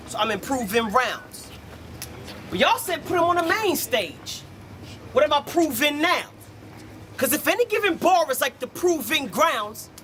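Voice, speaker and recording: Man, high voice, live christian battle rap, rhythmic, preachy, punchlines. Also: bright, forceful tone, a little hiss or hum. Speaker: battle rapper. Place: live battle event with an audience.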